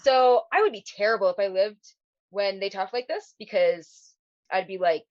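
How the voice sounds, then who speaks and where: A woman in her thirties chats on a podcast, swearing a lot and laughing between lines. Her voice sits at a middle pitch. The recording sounds dull and lo-fi, dry, with no room around it. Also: normal speed, darkish tone, no echo. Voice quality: swears freely, laughs often. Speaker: podcast co-host. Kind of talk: casual chat.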